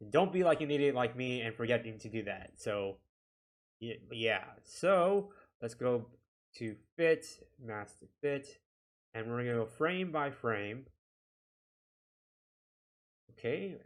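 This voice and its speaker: A man giving a casual software tutorial, talking himself through each click with a chatty, self-deprecating manner. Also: mid-range voice, expressive, measured pace, pauses often. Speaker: video editing instructor.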